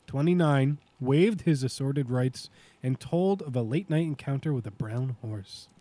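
A man's voice: mid-range voice, normal speed, mellow, dry recording. A man with a stuffy nose, hosting a casual comedy podcast and reading a news story aloud. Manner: reads news aloud, laughing often. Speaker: podcast host.

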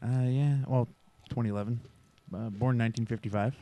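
Casual male co-host, joking banter, mid pitch. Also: steady tone, fairly quick, dark tone. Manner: joking, laughs often. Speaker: podcast co-host.

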